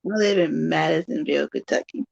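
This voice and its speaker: A man's voice: on the high side, a little fast, gravelly, no room sound. A man with a Southern US accent, chatting plainly on a livestream call and asking lots of questions. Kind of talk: casual livestream chat. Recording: dull lo-fi call audio.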